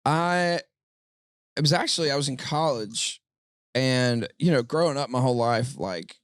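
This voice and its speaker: A man's voice: mid-range voice, animated, normal speed, clear, resonant tone, no echo, studio quality. Rambling man telling stories. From Mississippi. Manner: rambling, lots of "like" and "dude". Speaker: podcast guest. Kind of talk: casual storytelling. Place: inside a tour bus.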